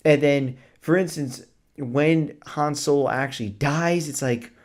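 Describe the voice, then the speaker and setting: A man's voice: fairly high pitch, measured pace, darkish tone. A man reviewing a film on his vlog, gushing and enthusiastic, with lots of casual filler words and the odd swear word. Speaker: movie reviewer.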